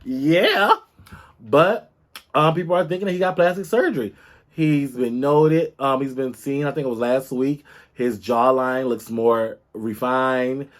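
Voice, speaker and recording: A man hosting a casual gossip podcast in a sassy, animated way, calling his listeners girl and baby. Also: medium pitch, a little slow. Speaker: podcast host.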